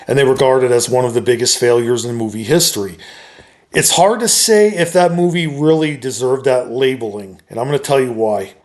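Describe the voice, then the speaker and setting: A man talking straight to his viewers, giving his opinion of a horror film in a relaxed, conversational way with frequent hedges. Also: medium pitch, moderate pace. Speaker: YouTuber reviewing a film. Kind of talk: casual opinion monologue.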